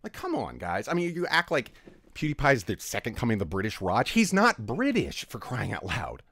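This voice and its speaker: A man's voice: medium pitch, huge pitch swings, normal speed, a bit bright, dry recording, studio quality. A man giving an opinionated commentary rant, emphatic and exasperated, scolding his audience. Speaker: video commentator.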